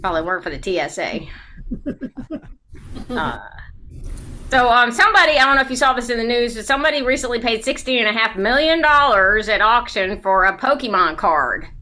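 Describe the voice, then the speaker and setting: A woman from South Carolina, doing a dry stand-up set over a video call, with quick asides and mimicry. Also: on the high side, lively intonation, bright, forceful tone. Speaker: stand-up comedian.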